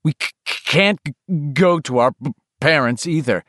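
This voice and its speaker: A man's voice: fairly high pitch, takes it slowly, a bit bright, no echo, clean studio sound, voice pushed up. A man reading an audiobook, voicing an earnest young boy who stutters heavily. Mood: troubled. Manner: heavy stutter. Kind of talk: audiobook character voice.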